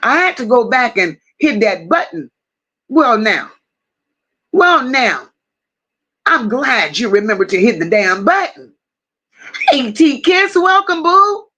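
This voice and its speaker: A woman hosting a casual livestream, slowly greeting viewers by name and reading their comments aloud. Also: on the high side, very animated. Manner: warm drawn-out greetings with endearments. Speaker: livestream host.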